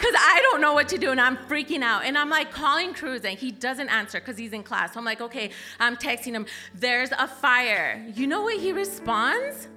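A young woman with a high, bright voice tells a story in an easygoing talk. She is animated and laughs often, tossing in "like" and "okay?" as she goes. Soft music plays faintly behind her. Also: a little fast, few pauses.

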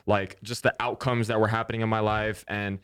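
Earnest lower-voiced co-host. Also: male voice, little pitch movement, fairly quick, fairly bright tone, smooth. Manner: earnest, calls his guest bro, many fillers. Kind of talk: casual interview chat.

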